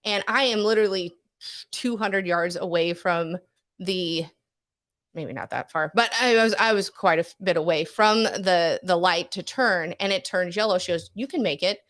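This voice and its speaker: A middle-aged woman co-hosting a podcast, telling a story in an animated, breathless way with quick asides. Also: on the low side. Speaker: podcast co-host. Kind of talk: casual storytelling chat.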